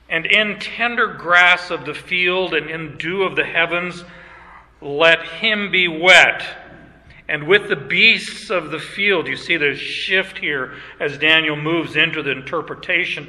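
A man preaching with a slow, deliberate pace and a bright, forceful edge to his voice. He reads scripture aloud and stops to explain it with emphasis. His voice rings with the long reverb of a large hall. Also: a little high. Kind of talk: expository sermon.

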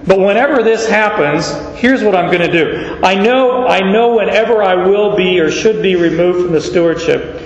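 A male pastor preaches in a folksy, animated way, full of stories. His voice sits a little high. The sound echoes through a large church and comes across dull. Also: moderate pace, hardly any pauses. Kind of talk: sermon.

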